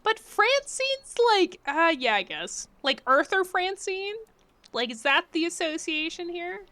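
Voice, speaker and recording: A bright, slow-talking woman streaming live and chatting with her viewers. Her higher voice leaps around playfully and breaks into giggles often. Now and then she sinks into soft mumbled asides. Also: lively intonation, no echo. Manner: giggly, playful, often laughing and reacting to chat. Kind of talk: casual chat with live chat.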